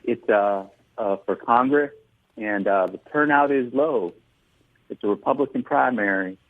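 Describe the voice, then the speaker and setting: A man's voice: medium pitch, no echo. Guy calling in on a tinny phone line, friendly, lots of uhs, dry. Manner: friendly, halting, many uhs. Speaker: caller. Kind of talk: phone-in call.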